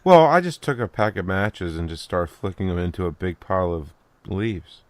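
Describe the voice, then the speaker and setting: A man's voice: low voice, lively intonation, moderate pace, no echo. A man in casual podcast chat, telling swearing, laughing stories.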